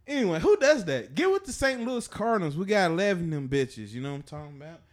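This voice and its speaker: A male podcast co-host with a high, sing-song voice talks fast as he tells stories. He's casual and profane, laughing his way through the anecdotes in a relaxed chat.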